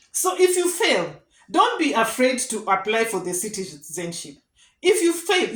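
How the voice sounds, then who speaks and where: Woman, slightly high voice, earnest advice vlog, calls viewers guys. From Kenya. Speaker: vlogger giving advice to immigrants. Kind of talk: casual advice talk to viewers. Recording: echoey room.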